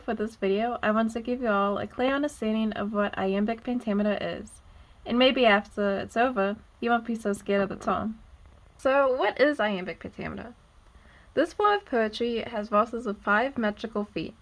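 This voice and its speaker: A young woman in her twenties narrates a poetry lesson in a fairly high, light voice. She speaks clearly and deliberately from a script. She slows right down whenever she marks where a syllable is stressed. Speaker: student teaching poetry.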